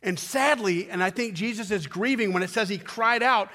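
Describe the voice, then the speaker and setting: Male pastor, high-pitched, delivering a sermon with dramatic pauses and rising emphasis. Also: pushed and bright. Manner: retells a story with quick asides.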